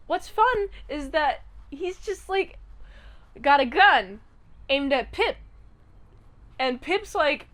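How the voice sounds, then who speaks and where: A woman recapping a TV episode in a casual, chatty, animated way, adding her own sound effects. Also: sits high, slow pace, long pauses. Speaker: channel host reviewing a TV episode.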